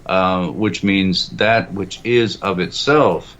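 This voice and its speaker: A man's voice: low voice, slow, a bit bright. A man talking as a guest in a roundtable discussion, rambling and philosophical, with lots of restarts. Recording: muffled lo-fi audio with faint hiss.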